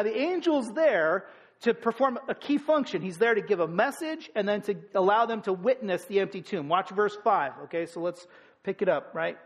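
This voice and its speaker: A man teaching verse by verse through a Bible passage in a loose, conversational way, full of "like" and "you know", with emphatic bursts. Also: high voice.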